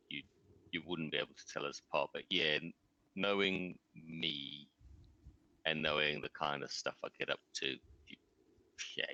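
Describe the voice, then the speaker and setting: A man's voice: rumbling low, gravelly, sharp tone. A man playing a tabletop game, describing step by step what his character does. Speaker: player.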